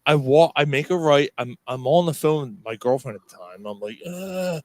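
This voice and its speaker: A man's voice: medium pitch, animated, a little fast, darkish tone, no room sound. A man hosting a podcast, telling a rowdy story in casual chat, swearing constantly and laughing as he goes. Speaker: podcast host.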